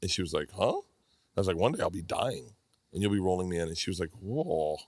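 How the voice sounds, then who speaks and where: This podcast guest, a man in his fifties, talks fast in a low voice, spinning rambling, animated stories during casual chat and acting out quotes along the way. No room sound is audible.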